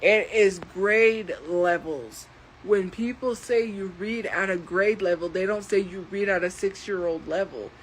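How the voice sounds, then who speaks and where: A woman livestreamer talking slowly and deliberately as she defends herself against commenters in her chat. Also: mid-range voice, slight background noise, rough recording. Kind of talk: live stream talking to chat.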